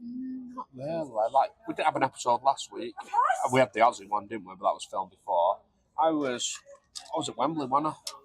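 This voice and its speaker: A man's voice: mid-range voice, lively intonation, brisk, rough recording. A man in his thirties co-hosting a podcast, telling rambling, sweary stories in casual chat. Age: 30s. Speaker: podcast co-host. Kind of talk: casual storytelling.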